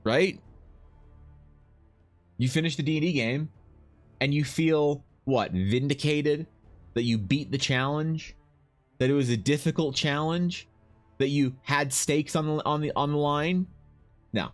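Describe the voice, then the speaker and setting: A man's voice: a little high, a little slow, long pauses, faint music behind. A man streaming live as a fantasy artist, chatting casually with viewers in a rambling, profane, joking way, full of restarts. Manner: rambling, profane, jokey storytelling with many restarts. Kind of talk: casual livestream chat. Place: home streaming setup.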